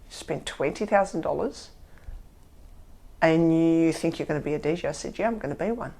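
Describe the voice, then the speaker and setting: Aussie woman in her 50s telling her story, low gravelly voice, acts out the quotes. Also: a little mellow. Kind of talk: candid storytelling.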